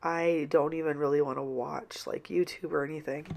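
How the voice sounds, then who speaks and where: A middle-aged woman records a casual voiceover while sick, her voice stuffy and blocked from a cold, with a gravelly, creaky edge. She rambles and keeps apologizing as she talks into her mic at home. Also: sits low, steady tone, normal speed, darkish tone. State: congested, stuffy-nosed from a cold. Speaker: planner vlogger.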